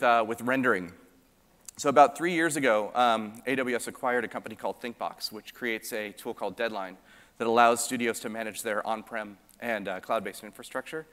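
A man's voice: medium pitch, fairly bright tone. A man giving a conference talk as presenter, talking casually with many fillers and a little out of breath. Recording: long hall reverb.

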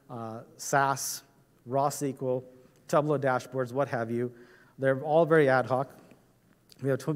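A man giving a technical conference talk, explaining step by step with frequent fillers and "right?" checks. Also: medium pitch. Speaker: conference presenter. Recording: reverberant hall.

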